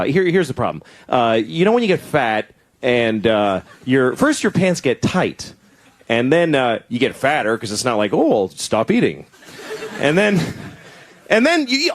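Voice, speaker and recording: A man in his thirties doing stand-up comedy, animated, profane and self-deprecating. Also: mid-range voice. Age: 30s. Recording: echoey room with loud background noise.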